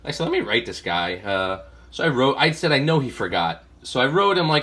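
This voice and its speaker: A man's voice: mid-range voice, very animated, fairly quick, pushed and bright. A man hosting a casual comic haul vlog, a rambling storyteller who fills his talk with fillers and acts out what he told people. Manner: chatty, many fillers. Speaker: comic collector vlogger.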